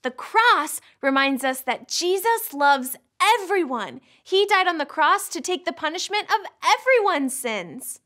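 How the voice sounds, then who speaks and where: A woman hosting a preschool Bible lesson, animated and sing-song, speaking to the kids as her friends. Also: extremely high pitch, measured pace, few pauses. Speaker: children's church host.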